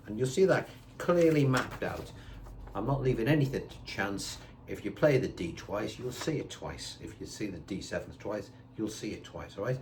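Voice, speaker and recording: A man's voice: fairly low pitch, animated, normal speed. An older man giving a chatty beginner guitar lesson, counting beats aloud as he strums his own guitar. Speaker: guitar teacher. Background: his own acoustic guitar strumming.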